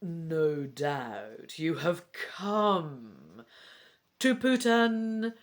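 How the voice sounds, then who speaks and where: A woman voicing a rich-voiced male vampire, grave and menacing, speaking slowly and theatrically with a deep delivery. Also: animated. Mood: ominous. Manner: slow, grand and theatrical.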